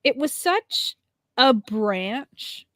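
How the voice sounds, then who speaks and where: Her voice sits a little high and is recorded dry and close, with no room around it. She sounds effusive and emphatic, laughing often in a casual chat about games. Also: animated, extremely slow, fairly bright tone, no echo. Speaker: co-host.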